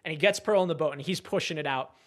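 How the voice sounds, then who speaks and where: A man co-hosting a podcast, excitedly retelling a film's plot and acting out the characters' lines. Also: fairly high pitch, fast talker. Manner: animated plot retelling, acts out quotes. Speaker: podcast co-host. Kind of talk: casual film discussion.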